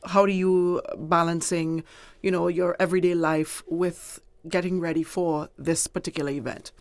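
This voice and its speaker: A woman hosting a radio sports show, interviewing a guest in an upbeat, encouraging way with quick affirmations. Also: lowish voice, little pitch movement, no room sound. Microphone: studio mic.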